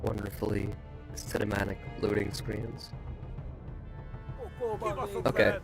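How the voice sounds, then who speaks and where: A gravelly-voiced man streams a game live and talks through it as he plays. He rants in quick bursts whenever it goes wrong. Faint music sits under his voice. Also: on the low side, completely flat delivery. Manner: frustrated, ranting, quick bursts. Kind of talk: live gameplay commentary.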